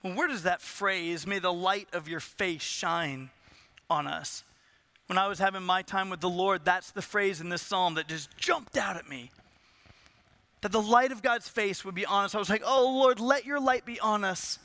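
A man's voice: high-pitched, normal speed, bright, forceful tone, dry recording. A man from Southern California preaching a sermon as a pastor, telling a personal story and acting out pleading prayers.

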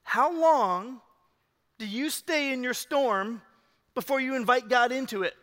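A male pastor preaching a sermon in a church, animated, swinging between loud urging and hushed emphasis. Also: extremely high pitch, measured pace. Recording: long reverb of a large hall.

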